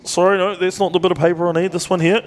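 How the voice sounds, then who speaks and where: A man doing live motorsport commentary from a speedway commentary box. He talks briskly and reels off team lists and points. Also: high-pitched, flat delivery. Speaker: race commentator.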